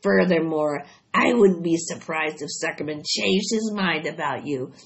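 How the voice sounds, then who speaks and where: A woman voicing a greedy, bloated male rat with a husky, hoarse voice and a slow, gloating drawl. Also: sits low, lively intonation, full character voice. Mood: sneering. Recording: dull lo-fi recording.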